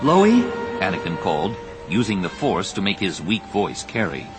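A man reading an audiobook as narrator, with a measured, dramatic delivery. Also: sits low. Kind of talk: scripted narration. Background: background music score.

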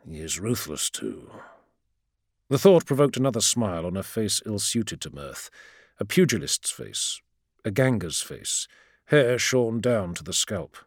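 Low-voiced man narrating dramatically. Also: sing-song, a little slow, no room sound, studio quality. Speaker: audiobook narrator. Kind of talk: scripted narration.

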